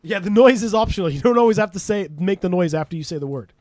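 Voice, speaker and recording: High-voiced man hosting a podcast. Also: expressive, fast, a crowd in the background. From Canada. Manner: laughing often, swearing freely, quizzing the guest. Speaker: podcast host. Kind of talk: casual podcast chat. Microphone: remote call.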